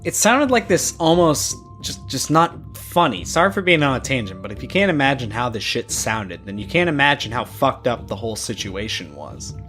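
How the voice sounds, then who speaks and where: Animated man reading a scary story. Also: mid-range voice, moderate pace, hardly any pauses, faint music behind. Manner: casual, profane storytelling with asides. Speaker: podcast co-host.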